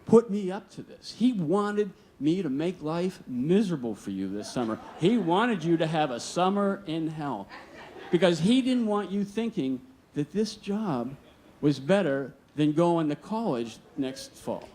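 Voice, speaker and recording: A man voicing a tough, gruff male factory foreman who talks bluntly. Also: a little high, expressive, a little slow, hardly any pauses, dark tone, a little hiss or hum, pitched above the performer's own voice. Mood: amused. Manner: swearing, blunt.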